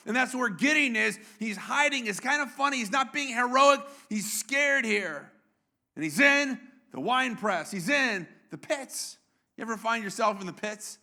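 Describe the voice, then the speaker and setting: A man's voice: high voice, fairly quick, vocal fry, sharp tone. A male pastor preaching a sermon in a conversational way, with joking asides and frequent restarts.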